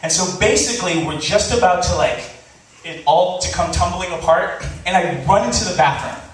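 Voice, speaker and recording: A man telling a funny personal story on stage before a live audience, animated and laughing, acting out the voices he quotes. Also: high voice, normal speed, distant mic. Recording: echoey live hall recording, faint hiss.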